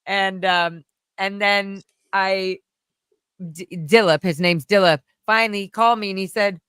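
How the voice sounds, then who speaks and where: Storyteller woman from California, chatty and rambling, smooth voice, dry sound. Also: mid-range voice, a little slow, dry recording. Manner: rambling, animated, full of fillers, acts out voices. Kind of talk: casual chat, storytelling.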